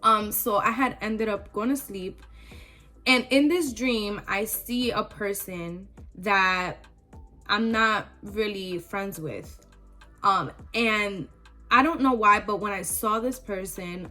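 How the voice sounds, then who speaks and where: A woman's voice: medium pitch, slow pace, sharp tone, soft background music. A young woman vlogger telling a personal story in casual, emotional talk with many fillers.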